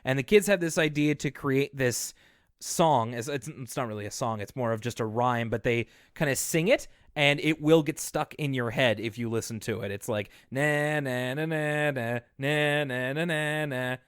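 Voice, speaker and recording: A young man talks through a cartoon episode in a relaxed podcast chat, his voice sitting at an ordinary middle pitch. He acts out the characters' lines as he goes and laughs easily. The sound is dry and close to the mic. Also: normal speed, no echo. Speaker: podcast co-host.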